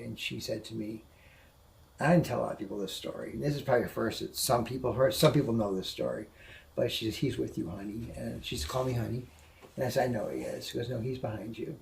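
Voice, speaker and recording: A man with a gravelly voice tells an emotional story from his own life, stumbling and repeating words as it weighs on him. He sits indoors, speaking in an ordinary middle register. A faint hiss of noise sits behind him. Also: medium pitch, steady tone, low-quality recording. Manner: halting, restarts and repeats when upset. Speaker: guest telling a personal story. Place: indoors at a house museum.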